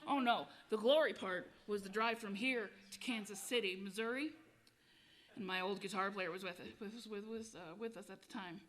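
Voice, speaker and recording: A woman's voice: mid-range voice, normal speed, fairly bright tone, a little hiss or hum. Laughing, profane woman singer telling a story. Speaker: singer-songwriter. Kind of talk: casual storytelling between songs.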